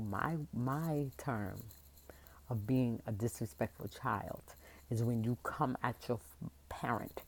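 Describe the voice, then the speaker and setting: A woman's voice: very deep voice, darkish tone. A woman and parent venting to the camera in a casual vlog rant, speaking in a passionate, emphatic, rambling way.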